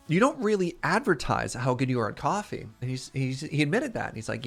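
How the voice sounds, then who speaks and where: A man telling a casual, animated story on a stream, excitable and quick with quoted asides. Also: on the high side, soft background music.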